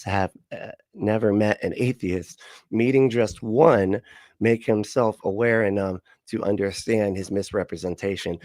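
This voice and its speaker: A man reacts to videos on a livestream in a rambling, joking way, cursing a lot and often breaking into laughter. His voice is lowish and darkish in tone. The recording is dry and studio quality.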